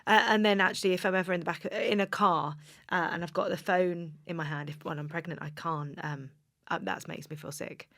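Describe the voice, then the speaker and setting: A woman hosting a podcast interview, prompting her guest with quick interjections. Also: fairly low pitch, fairly even intonation, creaky, fairly bright tone. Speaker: podcast host. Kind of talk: casual interview chat.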